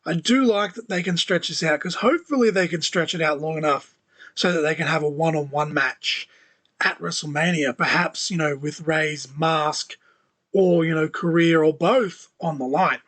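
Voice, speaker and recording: A man's voice: a little high, normal speed, fairly bright tone. A man hosting a solo wrestling podcast, talking casually with lots of "you know" fillers and dry sarcastic asides. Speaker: podcast host.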